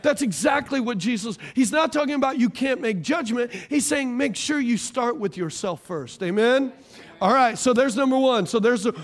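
A man in his forties preaches a sermon with a high voice. He is animated and jokes often, and his voice swings from loud bursts to near hushes. He keeps checking in with the congregation for amens. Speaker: pastor.

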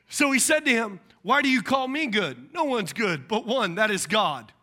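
A middle-aged man preaching a sermon, animated and acting out voices of the people in his stories. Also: high voice, normal speed. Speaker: pastor.

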